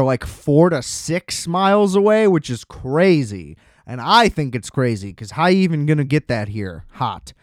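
A man hosts a solo podcast, ranting casually with exasperation and plenty of profanity. His voice is fairly high and a touch mellow, captured dry with a clean studio sound.

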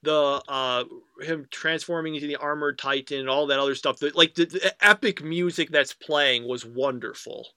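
A man's voice: a little high, moderate pace, sharp tone, clean tone, no room sound. A young man co-hosting a casual podcast, recapping an episode in a rambling way with many fillers. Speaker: podcast co-host. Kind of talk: casual anime review chat.

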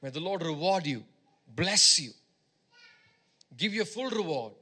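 High, bright-voiced emphatic male preacher. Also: animated, unhurried. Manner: emphatic, repeats phrases for stress, swings between loud exhortation and quiet teaching. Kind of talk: sermon.

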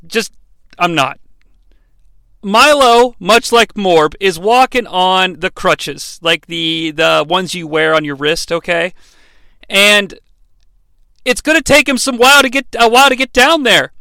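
A man hosts a comedic movie review, sarcastic and rambling, with plenty of swearing. His voice sits high and sounds bright and sharp. It is recorded dry and close, with no room sound. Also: clean tone, dry recording. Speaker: host of a bad-movie review show.

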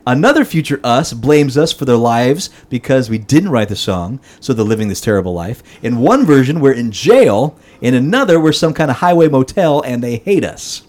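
A man's voice: mid-range voice, expressive, normal speed, hardly any pauses, darkish tone. Sarcastic man reading news headlines. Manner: reads headlines with sarcastic asides. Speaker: news segment host. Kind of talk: casual podcast chat reading news.

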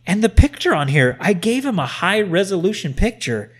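A man co-hosting a casual podcast, swearing often as he tells an animated story over a webcam. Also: sits high, moderate pace. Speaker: podcast co-host. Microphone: video call webcam.

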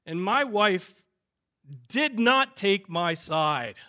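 A male pastor preaching a sermon, emphatic, piling up phrases and swinging in loudness. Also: high-pitched, lively intonation, drawn-out words. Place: church sanctuary.

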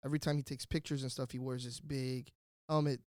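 A man's voice: medium pitch, fast, no echo, clean studio sound. A man hosting a podcast, telling a story in casual chat and acting out what people said. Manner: animated, acts out quotes. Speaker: podcast host.

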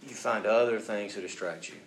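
A man's voice: lowish voice, a little fast, slight background noise. A man preaching a sermon. He talks conversationally, often checks in with the listeners, and acts out the voices of people he quotes. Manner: conversational, asks listeners questions. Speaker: pastor.

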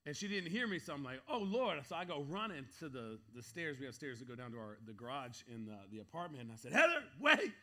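A man preaching to a congregation, telling a story in an animated way, acting out voices and laughing between lines. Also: mid-range voice, quick pace, few pauses. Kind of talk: sermon storytelling.

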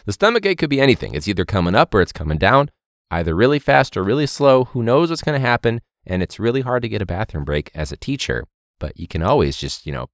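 A young man who is a teacher, hosting a podcast in a casual, animated monologue with quick impressions of students. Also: no room sound, clean studio sound. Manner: animated, mimics students in high voices.

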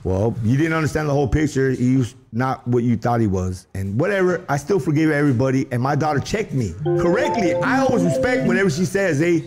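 A middle-aged man talking in a rambling, animated way as the guest of a street interview, slipping into rhymes and Spanish asides. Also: fairly high pitch, brisk, hardly any pauses, soft background music.

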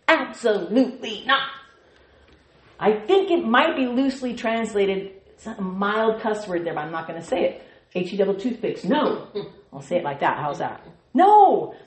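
Lively woman teaching in an echoey room. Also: mid-range voice. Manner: playful, laughing asides and sound effects. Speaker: Bible study teacher. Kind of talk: animated Bible teaching.

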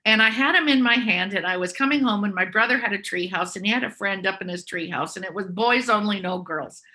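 A woman's voice: medium pitch, fairly quick, sharp tone. A woman candidly telling personal stories and reflecting on them as she goes. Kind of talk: personal storytelling.

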